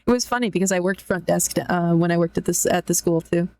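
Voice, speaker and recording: A woman's voice: on the low side, fast, warm tone. A young woman streaming live in casual chat, blunt and swearing freely. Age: young adult. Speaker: VTuber streamer.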